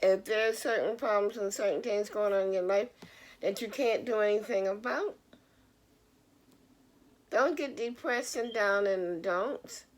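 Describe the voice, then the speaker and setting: A woman's voice: mid-range voice, a little slow, pauses often. A middle-aged woman vlogger giving a casual, earnest motivational talk straight to her viewers. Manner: earnest, preachy, addresses the audience directly.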